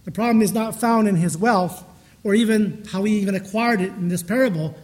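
A man's voice sits high with a darkish tone, moving fairly quickly through a conversational sermon. The pastor tells stories in a chatty way and frequently begins his sentences again.

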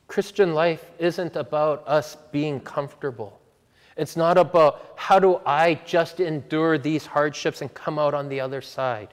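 A man preaching a sermon and leading a prayer, earnest and emphatic, slowing down to stress repeated words. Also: a little high, long reverb tail. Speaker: pastor.

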